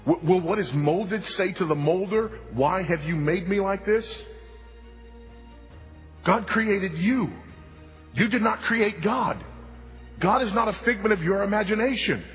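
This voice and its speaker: A man preaches at an unhurried, weighty pace, repeating his points for emphasis and swinging from hushed to loud. His voice sits a little high for a man. The recording is muffled and lo-fi, with a long reverb trailing off the sanctuary walls and faint music beneath. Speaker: pastor. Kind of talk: sermon. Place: church sanctuary.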